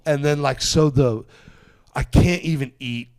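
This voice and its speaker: A man tells a comic story on a podcast. He is animated and profane, often laughing into his own lines. The sound is dry and close. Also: medium pitch, unhurried, dry recording. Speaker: comedian guest.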